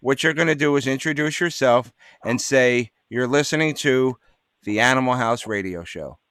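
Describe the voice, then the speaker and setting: A man's voice: medium pitch, normal speed, a bit bright, smooth, dry recording, studio quality. A man from New Jersey hosting a radio interview, chatty and full of fillers. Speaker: radio show host. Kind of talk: casual interview.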